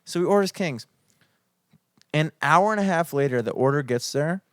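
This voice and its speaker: A man's voice: a little high, animated, moderate pace, clear, resonant tone, dry recording, studio quality. A young man co-hosting a podcast, telling a story in a casual, profane, mock-outraged way. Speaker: podcast co-host.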